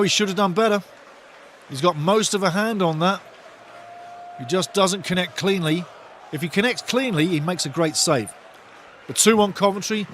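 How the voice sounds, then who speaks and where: A man hosting a live football watch-along, giving partisan, excitable commentary and chatting to his viewers. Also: sits high, slight background noise.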